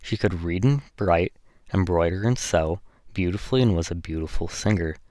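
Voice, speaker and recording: Earnest young gentleman, read by a deep-voiced man. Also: normal speed, no room sound, clean studio sound, natural voice.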